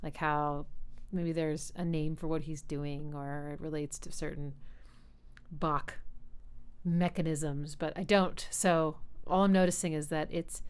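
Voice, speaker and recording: A woman's voice: low-pitched, steady tone, unhurried, smooth. A woman teaching music, casually thinking aloud as she breaks down a piano piece and hums the melody lines. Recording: loud piano music behind. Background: piano playing.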